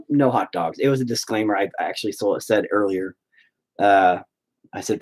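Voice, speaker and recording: A man's voice: on the low side, normal speed, darkish tone. A man hosting a live stream, chatting casually and rambling, with heavy swearing. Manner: profane, rambling.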